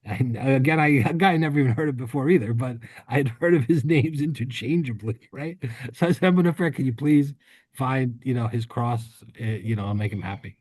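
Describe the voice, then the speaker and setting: A man co-hosting a podcast, telling a rambling story in casual chat with many restarts and quick laughs. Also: mid-range voice, darkish tone, slightly rough, no echo. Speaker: podcast co-host.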